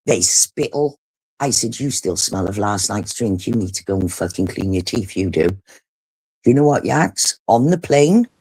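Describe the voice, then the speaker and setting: With a gravelly, slightly rough bass voice, a middle-aged woman from the UK hosts a livestream and tells a story casually. She gets blunt and animated in the retelling and swears heavily.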